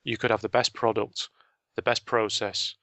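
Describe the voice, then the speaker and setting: A man's voice: on the low side, flat delivery, normal speed, pushed and bright, dry recording. A man co-hosting a casual business chat, telling stories with dry punchlines. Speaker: podcast co-host.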